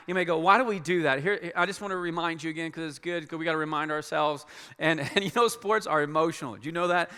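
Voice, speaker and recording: A man speaking as a pastor to his church in a large auditorium, earnest and halting, with many restarts. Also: fairly high pitch, sharp tone, smooth. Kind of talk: church announcement and sermon. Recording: long hall reverb.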